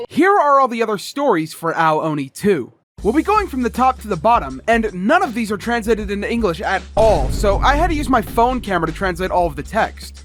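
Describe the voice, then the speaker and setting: A man's voice: high-pitched, fairly bright tone. A young man narrating a scripted game retrospective with wry, self-deprecating commentary. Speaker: video essay narrator. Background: faint background music.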